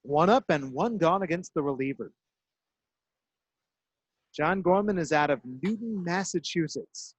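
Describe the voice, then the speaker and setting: A man calling baseball play-by-play in a crisp, measured style that leans into each out. His voice sits a little high, close and dry on a broadcast mic. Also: no room sound. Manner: crisp, measured delivery with dramatic emphasis on outs.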